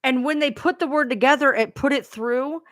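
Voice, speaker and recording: A woman's voice: high-pitched, moderate pace, fairly bright tone, dry recording, clean studio sound. A woman live streamer casually telling a rambling story to her viewers, chatty and swearing freely.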